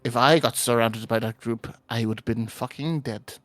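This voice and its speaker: A man playing a tabletop game, excitable and swearing freely. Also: mid-range voice, normal speed, no room sound, soft background music. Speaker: player. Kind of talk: casual tabletop play.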